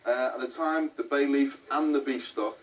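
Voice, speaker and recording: A man's voice: medium pitch, fairly even intonation, normal speed, lo-fi sound. A man hosting a cooking show, explaining each step in a chatty way as he cooks. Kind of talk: cooking demonstration. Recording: distant mic with background music.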